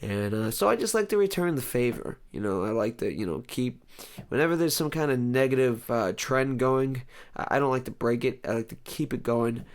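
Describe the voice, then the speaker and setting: A man with a hoarse voice hosting a comedic talk show, rambling sarcastically and clearing his throat often. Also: mid-range voice, a little fast. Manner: sarcastic, rambling, deadpan jokes with mock outbursts. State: hoarse, lost voice. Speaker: host.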